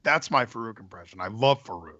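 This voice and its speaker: A man's voice: lowish voice, expressive, fast talker, bright, forceful tone, no echo, lo-fi sound. A man co-hosting a podcast in casual chat, chatty and playful. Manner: chatty, playfully mimics voices. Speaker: podcast co-host.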